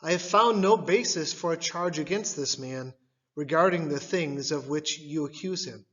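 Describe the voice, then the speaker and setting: A man reading the part of a stern, weary Roman governor in a church scripture reading, his delivery measured and questioning. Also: on the high side, long reverb tail, highs cut off, natural voice. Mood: insistent.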